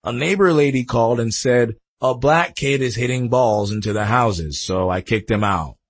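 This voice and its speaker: A man doing a blunt, gruff cart manager. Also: medium pitch, moderate pace, close to an everyday voice. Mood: defensive.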